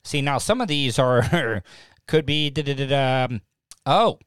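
This podcast host talks at a measured pace in a medium-pitched voice with lively intonation, a slightly bright, smooth tone, and no room sound. He's chatting casually on a live stream from a home studio lit by lamps, using a desk podcast mic and a mixing board. He tends to ramble, run himself down, and say things more than once.

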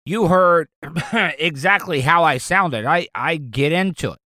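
A man's voice: on the high side, expressive, takes it slowly, sharp tone, no room sound, studio quality. A man hosting a solo podcast, rambling with stammering restarts and crude jokes. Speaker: podcast host. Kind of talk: casual solo monologue.

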